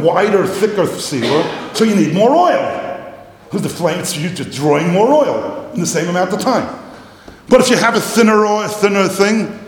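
A man giving a Talmudic lecture, animated and repetitive, mixing in Yiddish and Hebrew terms, coughing now and then. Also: sits high. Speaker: Torah teacher. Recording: echoey hall, faint noise.

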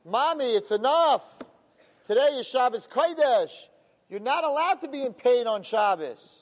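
A man voicing a devout young man who gently and earnestly urges his grieving mother to stop crying. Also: fairly high pitch, normal speed, in a large hall, natural voice.

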